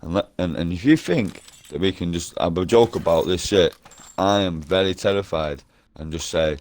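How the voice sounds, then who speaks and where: Over a gaming headset in an online voice party, a man rambles nonstop, conspiratorial and swearing heavily. His voice is low and darkish, at a moderate pace.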